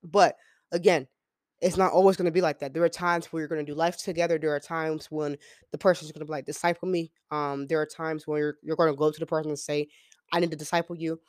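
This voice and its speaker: A man's voice: on the high side, little pitch movement, fast, no echo, studio quality. A young man hosting a casual podcast, telling a story with emphasis, repeating key phrases and acting out the dialogue. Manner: acts out quoted dialogue in storytelling. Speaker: podcast host and missionary student.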